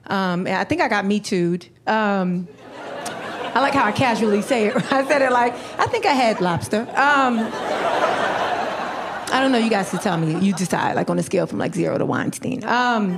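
A woman comedian doing a live stand-up set, telling stories in an animated way, laughing and slipping into put-on voices. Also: medium pitch, moderate pace. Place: comedy club stage before a laughing crowd. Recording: live club with crowd laughter and noise.

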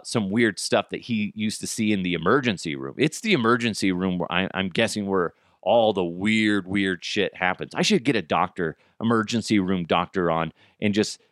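A man's voice: lowish voice, a bit bright, no room sound, clean studio sound. A man hosting a podcast, chatting casually about odd news with frequent laughs and profanity. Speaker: podcast host. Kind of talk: casual comedic commentary.

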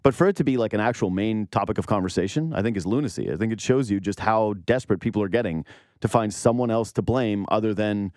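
A Canadian man hosting a casual sports talk show, ranting with incredulous, animated asides. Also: fairly low pitch, fast talker, no room sound, clean studio sound. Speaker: podcast host.

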